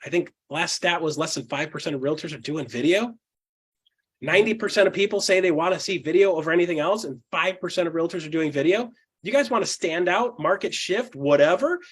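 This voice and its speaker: Brief: male sales coach with a raspy edge and a somewhat high voice, talks fast, acts out client chats. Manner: fast and punchy, with frequent tag questions. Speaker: real estate coach. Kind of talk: energetic teaching talk.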